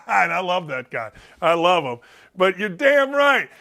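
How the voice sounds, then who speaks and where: A middle-aged man hosting a sports and politics talk show, excitable, rambling and sarcastic. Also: high voice, measured pace, gravelly.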